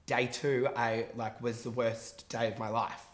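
A man telling a long personal story in casual chat on a podcast. He is animated and swears freely, and he acts out the quotes in his story. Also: mid-range voice, unhurried, echoey room.

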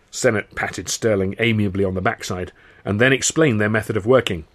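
A middle-aged man reading his own novel aloud in dry, measured first-person narration. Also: fairly low pitch, fairly bright tone. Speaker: author and audiobook reader.

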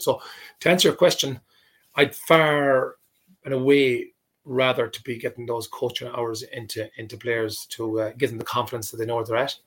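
Fast-talking husky coach. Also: male voice, mid-range voice. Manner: rapid, restarting often, emphatic. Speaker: coach and pundit. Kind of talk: casual sports chat.

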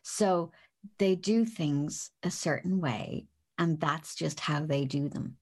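Irish woman co-host, lowish voice, lively storyteller who acts out the quotes. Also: takes it slowly. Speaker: podcast co-host. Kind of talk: casual chat.

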